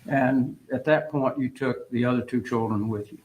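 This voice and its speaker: A man questioning a witness in court as an attorney, in short measured questions. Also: medium pitch, fairly even intonation, darkish tone, low-quality recording.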